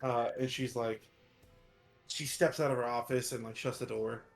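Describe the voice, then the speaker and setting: A man's voice: mid-range voice, fairly even intonation, normal speed, soft background music. Casual cursing game master man. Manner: casual, rambling, swears freely. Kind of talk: narrating a tabletop game.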